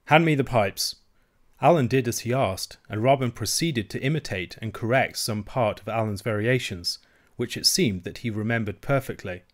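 A man's voice: on the low side, normal speed. Man reading a classic novel aloud. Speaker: audiobook reader. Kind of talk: scripted narration.

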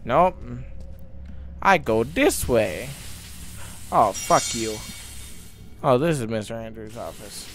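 A young man talks his way through a horror game at a very slow, drawn-out pace. His pitch swings widely as he mutters to himself and breaks into startled outbursts. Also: animated, a bit bright, soft background music. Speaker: gaming YouTuber.

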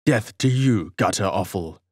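A man's voice: fairly low pitch, lively intonation, measured pace, dry recording, clean studio sound. A man voicing a fierce young swordsman in disguise, speaking in a hollow, menacing tone. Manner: sepulchral, menacing.

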